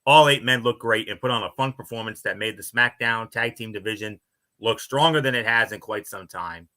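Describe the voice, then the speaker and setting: A man's voice: on the low side, brisk, bright, forceful tone. A man co-hosting a wrestling recap podcast, talking loosely with lots of fillers and trailing sentences. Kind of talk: casual recap chat.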